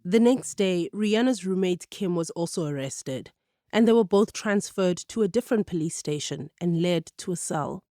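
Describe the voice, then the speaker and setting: A woman narrating a radio documentary in a measured, clear storytelling manner. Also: on the low side, animated, mellow, no room sound, studio quality.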